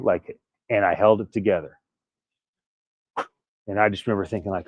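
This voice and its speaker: A low-voiced man speaks to his camera, sounding weak and still recovering, yet candid and earnest as he tells his story. The sound is a bit dull and dry, with no room behind him. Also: expressive, brisk, pauses often, no room sound. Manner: candid, earnest, prone to restarts and little laughs. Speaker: vlogger.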